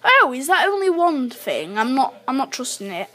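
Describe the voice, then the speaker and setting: A woman giving chatty live commentary while playing a video game, talking to herself with excitable outbursts. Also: high-pitched, moderate pace. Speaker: gamer.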